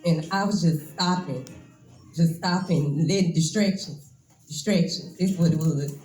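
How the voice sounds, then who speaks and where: A woman's voice: sits low, a little slow, a little mellow, echoey room, faint music behind, poor audio. A woman in her twenties gives a nervous, emotional, casual speech as a braider at a hair shop event. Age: 20s.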